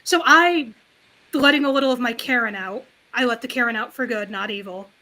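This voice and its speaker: Woman, talk show panelist, livestream mic, casual storytelling, animated, frank, bright tone. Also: on the high side, brisk. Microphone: livestream call mic.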